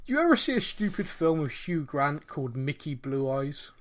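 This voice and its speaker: A man hosting a casual podcast chat, talking quickly and loosely, often laughing and slipping into playful impressions. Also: a little high, big pitch swings. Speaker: podcast host.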